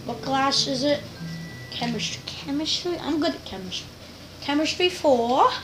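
Name: High-pitched rambling game commentator. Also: female voice, animated, normal speed, low-quality recording. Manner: rambling, giggly, self-mocking, addresses viewers. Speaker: gaming video host. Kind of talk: casual let's-play commentary. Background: game music.

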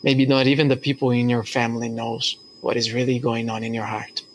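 A man's voice: medium pitch, little pitch movement, fairly quick, slight background noise. A man preaching a sermon as pastor, telling a story earnestly with hesitations.

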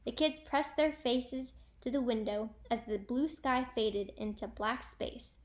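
A woman teacher reading a storybook aloud to children, clear and expressive. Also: on the high side, a little slow.

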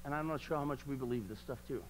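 A man preaching a sermon at a church service, repeating lines passionately and swinging between quiet talk and loud declarations. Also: medium pitch, fast, a little hiss or hum, rough recording.

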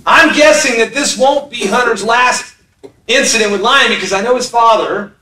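A man's voice: very high-pitched, normal speed, bright, forceful tone. A man in his fifties preaching a sermon as pastor, telling stories, acting out voices and laughing along. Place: church sanctuary. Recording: echoey hall, mic from a distance.

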